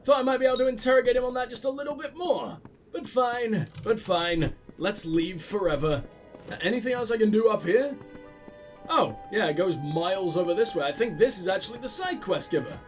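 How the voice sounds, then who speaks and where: A high-voiced man riffing through a let's play, sarcastic and swearing freely as he mocks the characters he meets. His commentary is loose and animated. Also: brisk, faint music behind. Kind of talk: casual gameplay commentary.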